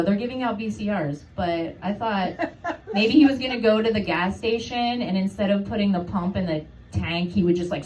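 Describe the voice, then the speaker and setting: A woman performing a stand-up comedy set, telling stories in a conversational, self-deprecating way. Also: medium pitch. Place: comedy club stage. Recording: noisy club room from a distance. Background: audience laughter.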